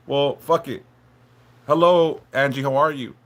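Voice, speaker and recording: A man hosting a live stream, talking haltingly and emotionally, stumbling and repeating words, swearing a lot and apologizing for opening up. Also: mid-range voice, steady tone, fairly bright tone. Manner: apologetic and openly vulnerable. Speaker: livestream host reading chat.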